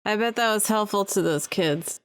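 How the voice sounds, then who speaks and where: A woman's voice: mid-range voice, moderate pace. Friendly woman game player. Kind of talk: casual table talk.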